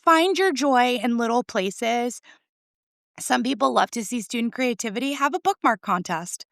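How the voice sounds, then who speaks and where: Upbeat woman with a gravelly edge. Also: fairly high pitch, animated, normal speed, a bit bright, no echo, studio quality. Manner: enthusiastic, laughs often, asks "right?". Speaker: school librarian, podcast guest. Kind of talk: conversational interview.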